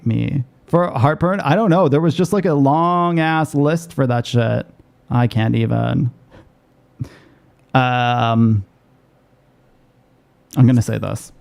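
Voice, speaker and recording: A man streaming a game, chatting rapidly and swearing freely as he plays. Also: mid-range voice, steady tone, gravelly, a little mellow. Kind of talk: casual gaming commentary.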